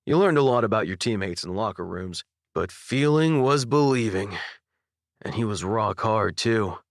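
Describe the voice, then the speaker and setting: A young man narrating a first-person audiobook with intimate, expressive storytelling. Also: lowish voice, normal speed, no room sound, clean studio sound. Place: dry recording booth. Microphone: studio microphone.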